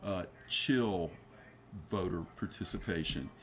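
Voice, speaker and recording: A man with a fairly low voice explains the law as a guest on a studio news interview. He works through his points with frequent fillers and restarts. A faint hiss sits under the recording. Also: takes it slowly, a bit bright. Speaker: attorney guest.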